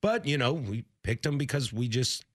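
A man in his thirties hosting a casual sports talk show, telling animated stories and slipping into quick impressions. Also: mid-range voice. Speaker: sports radio host.

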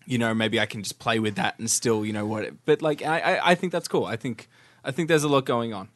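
A man on a podcast, thoughtful and quick to laugh, defending his view. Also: medium pitch, no echo, studio quality. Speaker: podcast co-host. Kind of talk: casual podcast chat.

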